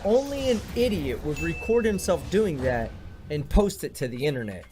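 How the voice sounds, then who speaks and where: A man's voice: a little high, very animated, normal speed, music in the background. A man hosting a reaction video, delivering sarcastic commentary full of blunt, profane insults. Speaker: video host reacting to clips.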